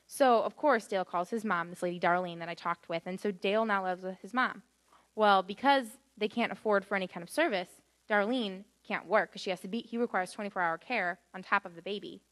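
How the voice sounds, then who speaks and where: A young woman telling a story in a casual, rambling way, full of fillers and quoted dialogue. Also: mid-range voice. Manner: grows excited and laughing in a funny anecdote. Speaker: church volunteer sharing a story.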